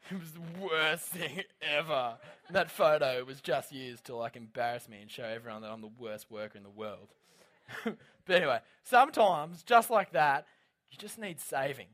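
Young aussie guy telling stories at youth group, bit high voice, animated. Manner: casual storytelling, lively and animated. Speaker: youth leader. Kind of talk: youth talk.

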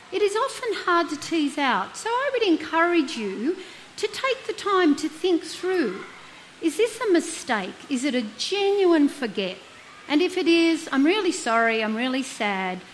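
Speaking slowly and in a sing-song way, a middle-aged counsellor with a fairly high voice reflects on guilt. She earnestly asks her listeners rhetorical questions and acts out everyday examples, while a faint hiss runs beneath the rough recording.

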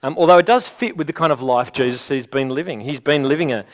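A man's voice: medium pitch, fast. A man preaching a sermon in an earnest, conversational way, often restarting his phrases. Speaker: pastor.

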